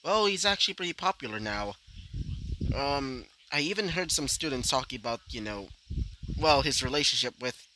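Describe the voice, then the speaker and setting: A man's voice: medium pitch, animated, normal speed, background noise, close to an everyday voice. A man voicing a composed female teacher in a fan story, matter-of-fact. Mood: informing.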